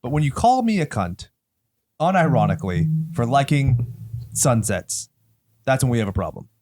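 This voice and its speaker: A man hosting a horror podcast in casual chat, talking loud and theatrical. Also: medium pitch, big pitch swings, normal speed, no echo. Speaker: podcast host.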